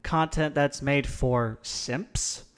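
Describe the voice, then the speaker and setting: Man, smooth clear voice, casual podcast host, halting restarts. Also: medium pitch, fairly even intonation. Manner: halting, restarts questions, asks the questions.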